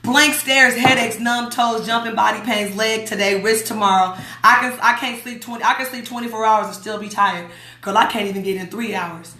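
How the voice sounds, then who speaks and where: A woman from Las Vegas talks straight into her phone on a livestream, blunt and emphatic, hammering home her warnings. Her voice is bright and forward, and the room around her is echoey. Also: fairly high pitch, steady tone, moderate pace. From Las Vegas, USA. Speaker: host. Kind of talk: livestream talk reading viewer comments.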